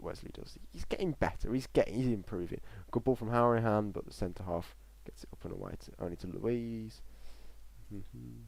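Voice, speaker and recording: Gravelly lad streaming match reactions. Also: male voice, fairly low pitch, a little mellow, no room sound. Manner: rambling, chatty, reads out chat messages. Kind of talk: live football reaction commentary.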